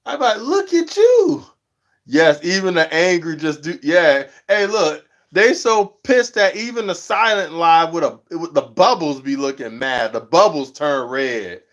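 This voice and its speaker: A man's voice: measured pace, few pauses. Slangy man chatting on a livestream. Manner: animated storytelling, jumps high when quoting others; slangy, says "you know what I'm saying" often. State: stuffy nose from allergies. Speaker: livestream host. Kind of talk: casual livestream chat.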